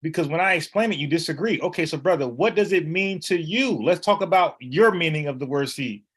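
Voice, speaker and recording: A man explains scripture in a casual, argumentative way. He talks in bursts, restarts his sentences and keeps pressing his point, with a voice pitched slightly high. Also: animated, a little fast, a bit bright, slightly rough. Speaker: online Bible teacher. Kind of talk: casual debate commentary.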